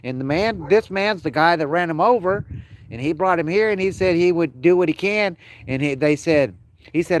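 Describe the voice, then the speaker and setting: A man's voice: on the high side, animated, moderate pace, dry recording. A man, ranting on a casual livestream outdoors, heated, profane and rambling while grieving his dog. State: grieving, upset.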